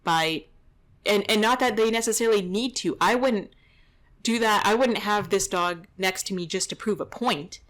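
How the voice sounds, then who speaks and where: A woman's voice: medium pitch, moderate pace, a bit bright. A young adult woman, a dog trainer, giving indignant, exasperated running commentary over a training video.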